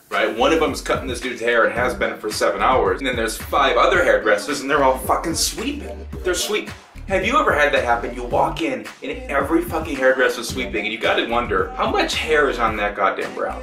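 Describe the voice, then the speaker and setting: A man giving a profane, exasperated comedic rant as a gaming video maker, acting out both sides of the story. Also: mid-range voice. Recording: roomy echo, distant mic, faint music.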